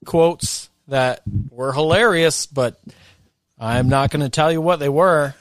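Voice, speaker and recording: A man co-hosts a casual podcast with a wry, teasing manner. His voice sits a little high. The recording is dry and close. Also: takes it slowly, no room sound. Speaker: podcast co-host. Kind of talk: casual chat.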